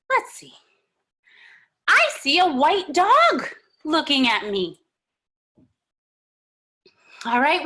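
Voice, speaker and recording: Cheerful kids' yoga teacher: a woman with a very high, bright voice and an unhurried, sing-song delivery, recorded in an echoey room. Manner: animated and encouraging, greets children by name; sing-song, drawn-out storybook chanting. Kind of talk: children's yoga lesson.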